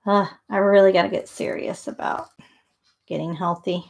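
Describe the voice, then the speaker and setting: Woman, middle-aged, gravelly, rambling live painting chat. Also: medium pitch, little pitch movement, moderate pace. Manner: chatty, rambling, thinks aloud. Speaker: painting tutorial host.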